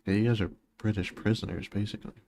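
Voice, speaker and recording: A man's voice: fairly low pitch, fairly even intonation, fast talker, gravelly, dark tone, slight background noise. A man streaming a game, chatting casually with viewers and making dry, teasing jokes. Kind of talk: casual chat with viewers while gaming.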